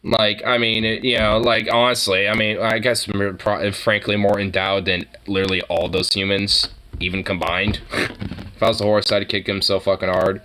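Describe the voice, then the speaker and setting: A man's voice: lowish voice, little pitch movement, normal speed, bright, forceful tone, rough recording. A man streaming a reaction to videos, talking in a casual, rambling way that is heavy with fillers, restarts and swearing.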